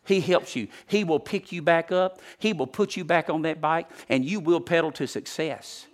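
A male preacher, giving a folksy sermon that swings from loud to hushed. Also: on the high side, moderate pace.

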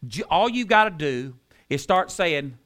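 A man preaching a sermon, repeating key phrases with emphasis and dropping into soft tones. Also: a little high, animated, unhurried. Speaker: pastor.

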